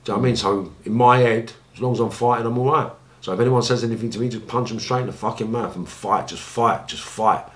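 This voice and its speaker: A man's voice: quick pace, reverberant. Sweary London man telling war stories. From England. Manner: blunt, sweary, re-enacts scenes in high pleading voices. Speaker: interview guest, former gangster. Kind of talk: candid storytelling interview.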